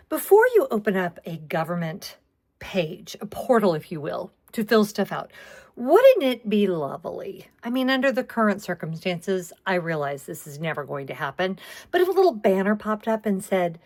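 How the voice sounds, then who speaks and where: A middle-aged American woman chatting casually to camera from her home, expressive and animated. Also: lowish voice, normal speed. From United States. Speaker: vlogger. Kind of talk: casual vlog chat to camera. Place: home, indoors.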